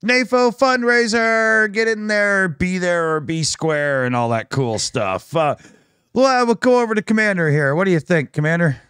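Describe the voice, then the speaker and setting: A man's voice: high voice, moderate pace, fairly bright tone, clean tone, dry recording, clean studio sound. A man hosting a live-stream panel, upbeat and jokey, handing the talk to each guest. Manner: upbeat, jokey, laughs easily. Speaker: host. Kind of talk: casual live-stream chat.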